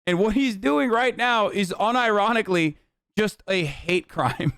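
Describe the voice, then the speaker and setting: A man hosting a stream, reacting in casual commentary, animated and profane, often laughing. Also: sits high, unhurried, gravelly, clear, resonant tone, no echo, clean studio sound. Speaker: streamer host.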